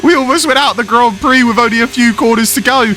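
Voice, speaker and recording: A man commentating his own racing game play-by-play in an excitable, fast-moving way. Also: very high-pitched, slight background noise. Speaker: gaming YouTuber commentating his own race. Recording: faint game music behind.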